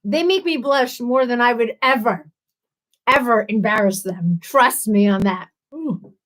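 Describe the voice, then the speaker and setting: A woman's voice: a little high, unhurried, a bit bright, rough recording. A woman hosting a casual livestream chat, giggly, rambling and apologetic, a little tipsy from drinks. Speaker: livestream host.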